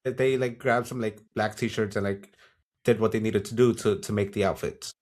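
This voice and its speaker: A man's voice: on the low side, normal speed. A man co-hosting a podcast, chatting casually and frankly about a TV show. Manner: relaxed, agreeable, frank and salty. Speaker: podcast co-host. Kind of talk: casual chat reviewing a TV show.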